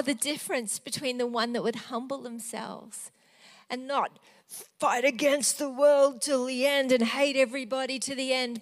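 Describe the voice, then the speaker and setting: A woman preaching a devotional sermon, earnest and emotional, moving from loud emphasis to a hushed near-whisper. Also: fairly high pitch.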